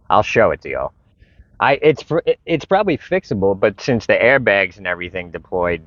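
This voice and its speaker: A man's voice: sits low, a bit bright. A man vlogging, telling a frustrated, profane story and retelling his conversations with others. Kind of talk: casual storytelling rant. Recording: dull lo-fi recording.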